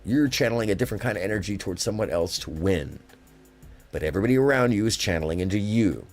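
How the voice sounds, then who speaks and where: A man's voice: on the low side, animated, fast talker, faint music behind. A man hosting a live call-in stream, telling stories in a rambling, emphatic way. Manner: rambling storyteller, emphatic, drifting pace. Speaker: livestream call-in host. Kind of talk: casual call-in chat.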